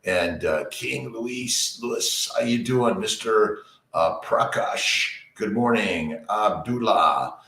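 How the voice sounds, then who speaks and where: A man hosting a casual morning livestream from his home basement office, rambling and greeting viewers by name while keeping his voice low on a headset. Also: takes it slowly, reverberant, recorded from a distance. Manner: works to keep his voice low and quiet.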